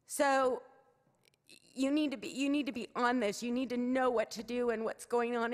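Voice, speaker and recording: A woman's voice: a little high, fairly even intonation, normal speed. A middle-aged woman, giving an emotional, urgent public comment at a council meeting through a podium microphone. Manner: earnest, urgent, emotional pleading. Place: city council chamber. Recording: echoey council chamber.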